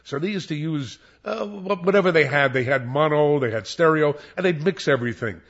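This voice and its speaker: An older man, a former radio disc jockey, reminiscing in an interview in a rambling, animated way with many restarts. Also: on the high side, fairly quick. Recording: dull lo-fi recording.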